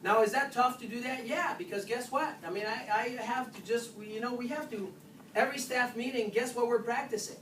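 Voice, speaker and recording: A chiropractor giving an informal nutrition workshop to patients, lively and full of "guess what?" asides. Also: mid-range voice, brisk. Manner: animated, keeps asking "guess what?". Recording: roomy, distant, faint hiss.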